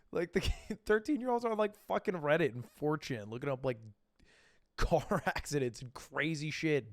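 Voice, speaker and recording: Male streamer, twenties, high lively voice, joking, dry close sound. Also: moderate pace, dry recording. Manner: animated, joking, laughs often. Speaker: streamer host. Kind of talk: casual chat while reacting to posts.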